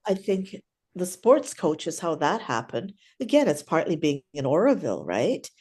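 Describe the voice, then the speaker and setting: A woman's voice: sits low, big pitch swings, normal speed, a little mellow, slightly rough. An older woman, a clown teacher, chatting animatedly through stories in an interview and often tagging her sentences with "right?". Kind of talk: casual storytelling interview.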